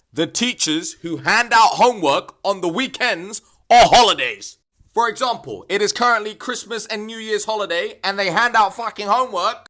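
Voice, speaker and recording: A young man vlogging comic rants, swearing constantly and bursting into exasperated shouts. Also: sits high. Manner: profane, exasperated ranting with sudden shouts. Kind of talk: comedic rant vlog.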